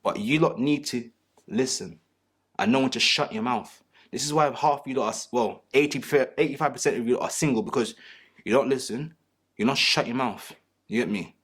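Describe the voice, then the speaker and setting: A young-sounding man on a discussion panel, riffing in crude slang and joking rants. His voice sits at an ordinary middle pitch, loose and animated as he talks. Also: fairly quick, husky. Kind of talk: casual panel talk.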